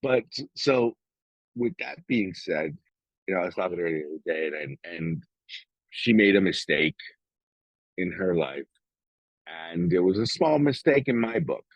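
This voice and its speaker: A man's voice: low-pitched, lively intonation, a little slow, pauses often, no echo, lo-fi sound. A middle-aged man co-hosting a podcast, talking bluntly in casual chat, swearing often and acting out the lines of others. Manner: blunt, heavy swearing, acts out quoted dialogue. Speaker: podcast co-host.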